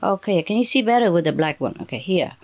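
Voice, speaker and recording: Woman, deep low voice, halting broken English, spiritual teacher reading to an audience, spotlit stage. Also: expressive, darkish tone. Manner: halting, broken English phrasing with frequent "okay" and "huh". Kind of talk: addressing an audience from a prepared reading. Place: indoors under bright spotlights.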